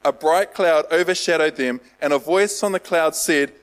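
A man's voice: on the high side, normal speed, poor audio. A man preaching a casual sermon, rambling and self-deprecating, with lots of fillers. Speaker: pastor.

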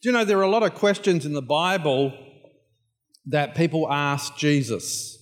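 Emphatic pastor in a reverberant hall. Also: male voice, fairly high pitch, normal speed, soft background music. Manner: builds from quiet prayer to loud, rising emphatic repetition. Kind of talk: sermon.

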